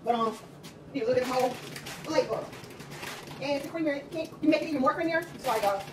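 A fast-talking woman with a high-sitting voice runs a casual cooking show from her home kitchen. She's playful and talkative and laughs at her own jokes, while a distant mic records steady background noise.

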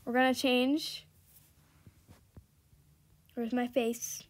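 A young woman giving casual, giggly commentary over her own gameplay, chatty and shifting between loud squeals and quiet mutters. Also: high-pitched, unhurried. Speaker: gaming video creator.

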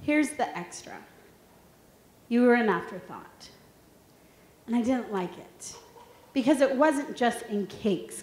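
A woman in her thirties presenting a workshop, telling funny stories and asking the audience questions. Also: a little high. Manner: lively storytelling, asks the audience questions. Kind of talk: humorous motivational talk to an audience. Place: large room with an audience. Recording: echoey room.

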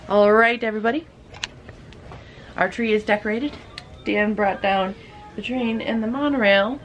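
A woman filming a casual home vlog, narrating what she's doing in an easy, talkative way. Her pitch sits in a middling range. A soft hum of household ambience runs underneath. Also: fairly even intonation, moderate pace, low-quality recording. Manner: chatty, explains as she goes. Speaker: vlogger cohost. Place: home kitchen and living room.

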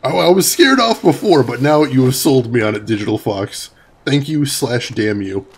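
This man streams a game and talks about it casually, reading chat out loud and laughing a lot in chatty let's-play fashion. He speaks at a medium pitch and normal speed, animated, with a breathy edge.

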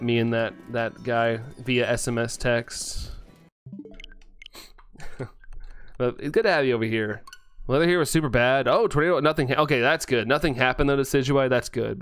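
A male game streamer reads his live chat aloud, getting excited, thanking viewers quickly and laughing often. His voice is medium in pitch, with slight background noise.

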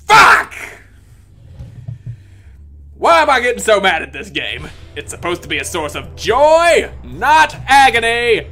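A man with a high, very bright voice rants through gameplay commentary, swearing and yelling at the game, then drops to low muttering. He talks at an unhurried pace, with faint music behind him. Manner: ranting, yelling and cursing at the game; mutters low under his breath between outbursts. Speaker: gaming video creator.

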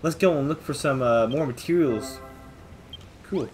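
A man's voice: medium pitch, a little slow, over music. A man hosting a let's play, talking through casual gameplay commentary and mumbling to himself as he reads game text aloud.

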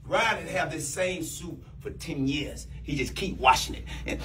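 Man as a loud teasing boss, high voice, faint room noise behind. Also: moderate pace. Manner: bossy, loud and teasing, swings pitch a lot. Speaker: comedian playing a new boss. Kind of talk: improvised comedy sketch.

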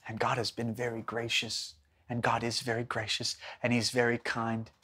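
A man from South Africa preaching a Bible study, telling stories dramatically and swinging between excited and hushed delivery. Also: medium pitch, normal speed, slightly rough.

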